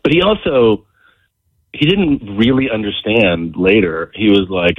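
A man's voice: fairly low pitch, a little slow, husky, no room sound. A man guesting on a radio show, chatting casually and telling joking stories in a radio studio. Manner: animated storyteller, joking. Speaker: comedian guest. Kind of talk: casual radio interview chat. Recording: slightly dull radio audio.

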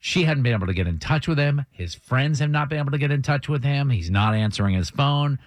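A man's voice: medium pitch, animated, a little fast, dry recording. A man hosting a morning radio show, telling a caller's story in an upbeat, theatrical way. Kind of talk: morning radio prank call segment.

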